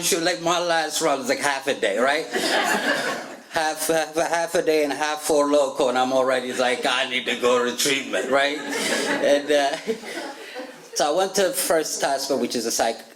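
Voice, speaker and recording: A man's voice: on the high side, normal speed, over a noisy crowd. A man from Africa with an African accent, giving a personal testimony at a recovery meeting, telling his story with frequent laughs and acted-out quotes. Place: meeting room. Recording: echoey room with faint ambience.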